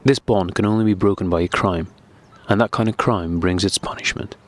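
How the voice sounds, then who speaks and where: A man voicing a stiff, formal husband who speaks in cold, measured, deliberate sentences. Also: low voice.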